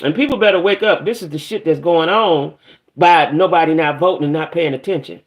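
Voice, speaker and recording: Middle-aged woman ranting on her livestream, swearing a lot and fed up, shouting out chat folks by name. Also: low voice, a little fast. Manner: profane, venting, greets chat viewers by name. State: aggravated. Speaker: livestream host. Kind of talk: casual livestream rant.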